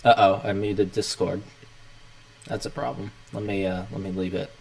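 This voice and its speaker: A man's voice: low voice, fairly even intonation, moderate pace, vocal fry, a little mellow, poor audio. A young man hosting a casual livestream, rambling loosely as he talks himself through setting things up.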